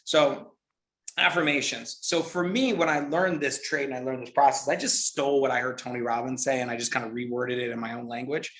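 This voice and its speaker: Man, middle-aged, motivational trainer, bright tone, energetic, repetitive. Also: mid-range voice, brisk. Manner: energetic, repetitive, says "right?" often. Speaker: network marketing trainer.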